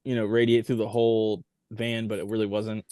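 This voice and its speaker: A man's voice: lowish voice, level tone, fairly quick, a little mellow, no echo. Rambling male podcast guest, dry sound. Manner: rambling, many "like" fillers. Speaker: touring band member, podcast guest. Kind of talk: casual storytelling chat.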